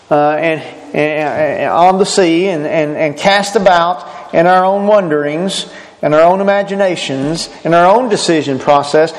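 Man, sermon, emphatic, earnest, somewhat high voice, echoing church hall. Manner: earnest, emphatic, with frequent restarts. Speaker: preacher.

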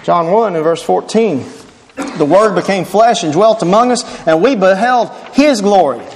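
A man's voice: high voice, expressive, normal speed, big-room sound, slight background noise. A man preaching a sermon, emphatic and quoting scripture, repeating key words for stress.

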